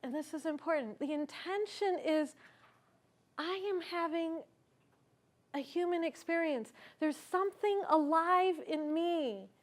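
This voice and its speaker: A woman with a very high-pitched voice addresses a conference audience from the stage, unhurried as she tells a personal story. She comes across as sincere and reflective and directs questions to her listeners.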